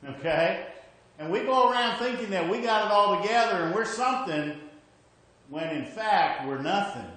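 A man's voice: sits high, lively intonation, moderate pace, a bit bright. A man preaching a sermon, emphatic, repeating his points and often checking in with "okay?". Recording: very echoey hall with faint ambience.

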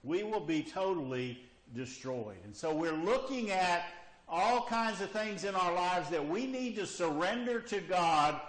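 High-voiced man preaching in an echoey hall. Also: animated, unhurried, fairly bright tone. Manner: repeats "okay?" to check in with listeners. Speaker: pastor. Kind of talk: sermon. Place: church hall with a congregation, also live-streamed.

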